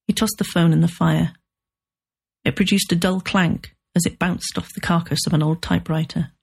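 A woman with a low, husky voice reads a literary novel aloud. Her storytelling is measured and steady, with a slightly breathy texture. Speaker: narrator. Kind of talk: scripted audiobook narration.

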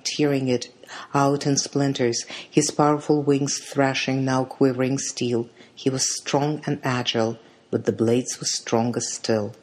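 Husky-voiced storyteller reading a fairy tale. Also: mid-range voice, darkish tone. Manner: measured, dramatic read-aloud delivery.

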